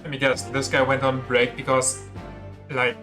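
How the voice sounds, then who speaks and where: A male streamer chatting casually over gameplay, joking and offhand, in a mid-pitched voice. Game music plays loudly behind him. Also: monotone, moderate pace.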